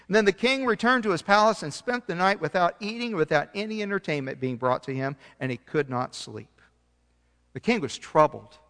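A man preaching a sermon, reading scripture aloud and swinging between loud emphasis and quiet passages, sometimes losing his place and correcting himself. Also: high voice, expressive, moderate pace, long reverb tail. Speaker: pastor.

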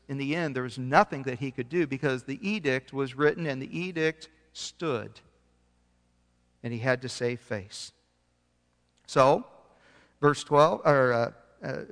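Man preaching in a reverberant hall. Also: on the high side. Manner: reads scripture aloud, swings between loud emphatic and quiet; loses his place and corrects himself. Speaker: pastor. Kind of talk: sermon.

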